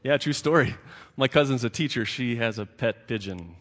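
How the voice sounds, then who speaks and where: A man preaching a sermon at a middle pitch. He talks in a loose, conversational way and doubles back on his words, and a long reverb rings around him in a large church sanctuary. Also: lively intonation, normal speed, fairly bright tone. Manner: conversational, repeats words as he builds a point. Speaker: pastor.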